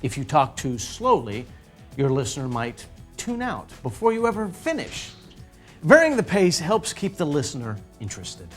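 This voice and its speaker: A man narrating a lesson from a script, with a fairly high voice that swoops widely in pitch. He plays up his emphasis in a playful, theatrical way. Soft music runs underneath. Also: wildly swooping pitch, normal speed. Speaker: narrator of an educational video.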